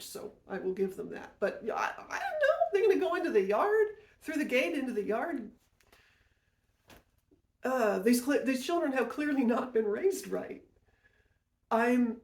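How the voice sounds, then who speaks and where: Rambling woman with a gravelly, roomy voice. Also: fairly high pitch. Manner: rambling, with frequent self-corrections and asides. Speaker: podcast host. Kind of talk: casual personal storytelling. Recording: roomy echo.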